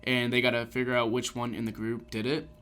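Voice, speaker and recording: A man's voice: mid-range voice, level tone, fairly quick, a bit bright, a little hiss or hum. A man co-hosting a podcast, chatting casually about films in long, rambling sentences full of restarts. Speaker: podcast co-host. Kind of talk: casual chat.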